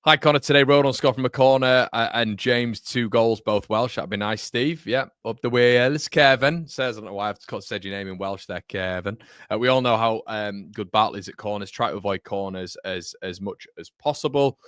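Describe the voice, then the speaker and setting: With a lowish, fairly bright voice that is clear and resonant, a man hosts a fan livestream at a moderate pace. He casually chats and reads viewer comments, rambling and self-correcting while addressing viewers as "mate," in clean studio sound with no room tone.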